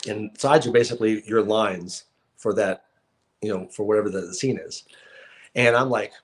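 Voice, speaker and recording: A man, an actor guest, telling stories in a casual interview chat, animated and laughing often. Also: on the low side, normal speed.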